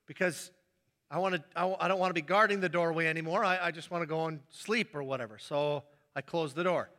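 Animated, bright-voiced preacher man. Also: fairly high pitch. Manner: animated, acting out little scenes with voices. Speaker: pastor. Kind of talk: sermon.

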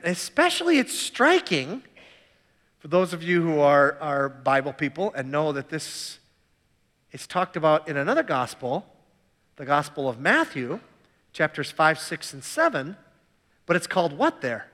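A man's voice: a little high, sing-song, moderate pace, pushed and bright, in a large hall. A man preaching a sermon as pastor, reading scripture aloud and then explaining it casually, with restarts and asides.

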